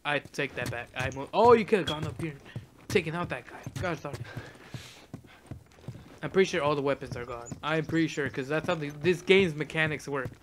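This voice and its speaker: Excitable high-voiced young gamer. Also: male voice, a little fast, background noise. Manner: excitable, shouting at the game, laughing. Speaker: gaming channel host. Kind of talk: let's play commentary. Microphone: face cam desk mic.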